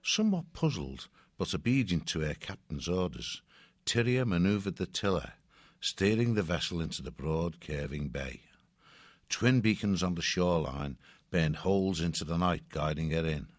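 Male storyteller, low voice, measured narration, dry close recording. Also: lively intonation, no room sound. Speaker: audiobook narrator.

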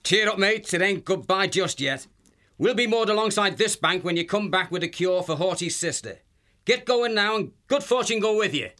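A man's voice: high-pitched, lively intonation, normal speed, sharp tone, pitched above the performer's own voice. Man doing a folksy old shrew boatman. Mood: easygoing. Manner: rustic, folksy, "ain't", "afore". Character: gruff, kindly old male shrew boat captain. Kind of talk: audiobook character voice.

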